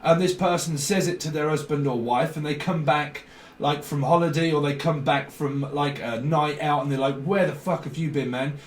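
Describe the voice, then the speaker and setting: A man with a fairly high voice rambles through a psychic reading, jumping from word to word and swearing as he goes. He sits back from the mic in a roomy space with a faint hiss behind him. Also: steady tone, normal speed, recorded from a distance. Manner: free-associating, swearing, frequent fillers. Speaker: tarot reader.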